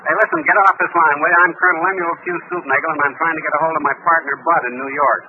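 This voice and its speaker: A man's voice: fairly high pitch, steady tone, rapid-fire, phone-quality sound, noisy background. A man as a radio comedian in a 1930s broadcast comedy dialogue, spinning bumbling absurd tall tales.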